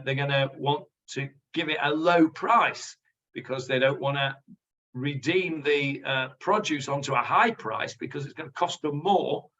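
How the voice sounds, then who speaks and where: Bright chatty rabbi on a muffled call. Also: male voice, fairly high pitch, distant mic. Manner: chatty, explains Hebrew words to students. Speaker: rabbi teaching a Talmud class. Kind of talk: online Talmud lesson. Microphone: video call. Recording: dull lo-fi call audio from off-mic.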